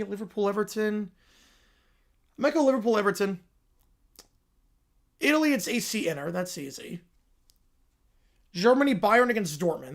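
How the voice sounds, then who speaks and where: A man hosting a casual live Q&A stream, answering chat questions with relaxed asides. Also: high-pitched, vocal fry.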